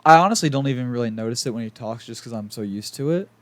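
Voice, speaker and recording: A man's voice: medium pitch, animated, fast talker, dry recording. Hesitant young man in casual chat. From South Carolina, USA. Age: young adult. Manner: hesitant, many restarts, soft-spoken. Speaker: podcast co-host.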